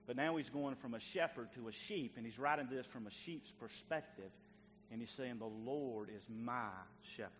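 Folksy preacher in a reverberant church. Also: male voice, medium pitch, moderate pace, a bit bright. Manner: folksy, talks directly to the congregation. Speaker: pastor. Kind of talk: sermon. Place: church sanctuary. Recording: long church reverb, faint noise.

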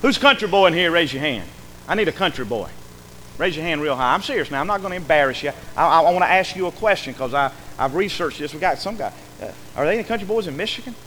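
A male pastor preaches in a folksy, animated way, his fairly high voice ringing through a church with a long reverb. Faint noise sits under the recording. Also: quick pace. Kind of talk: sermon. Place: church sanctuary.

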